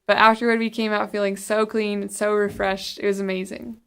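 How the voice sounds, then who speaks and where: A woman's voice: mid-range voice, little pitch movement, a little fast, vocal fry, smooth. A young woman from the United States narrating her travel vlog in an earnest, reflective way. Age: young adult. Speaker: vlogger interviewing classmates.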